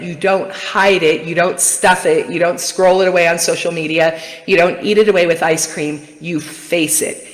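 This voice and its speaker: A middle-aged woman telling a personal story to her viewers in a chatty, animated way. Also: fairly low pitch. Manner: chatty, animated, addresses audience as "you guys". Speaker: vlogger and coach. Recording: echoey room with long reverb.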